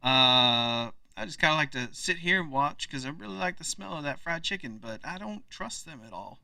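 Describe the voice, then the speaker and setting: A man's voice: on the high side, expressive, moderate pace, gravelly, bright, forceful tone, no room sound, full character voice. Man doing a greasy older mayor, flustered stammer, tabletop game, dry distant mic. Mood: nervous. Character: fidgety older male mayor, greasy car salesman type.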